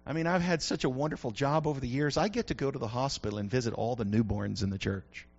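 A man's voice: mid-range voice, quick pace, gravelly. A middle-aged male pastor giving a folksy, emphatic sermon with repeated refrains. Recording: muffled lo-fi recording.

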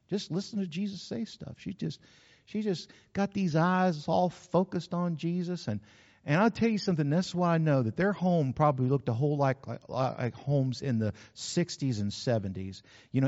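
A man preaching a folksy, animated sermon and asking the congregation questions, in a church hall, with a dull sound. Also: mid-range voice.

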